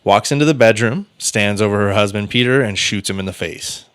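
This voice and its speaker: A man's voice: fairly low pitch, brisk, fairly bright tone, clear, resonant tone. A man hosting a podcast, casually retelling a true-crime case in a loose, chatty way with filler words and the odd curse. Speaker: podcast host.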